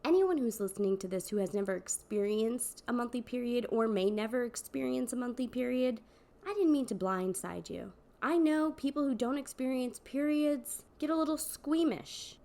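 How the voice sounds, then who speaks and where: A young woman with a slightly high, gravelly voice hosts her own comedy podcast. She tells stories with wry sarcasm and bursts into sudden loud exclamations. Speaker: podcast host. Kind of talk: comedic monologue.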